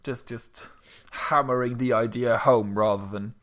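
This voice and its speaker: A man's voice: medium pitch, fairly even intonation, a little slow, a bit bright. A man in a casual literary discussion who stammers at the start of a thought, then reasons steadily. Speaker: podcast co-host discussing poetry.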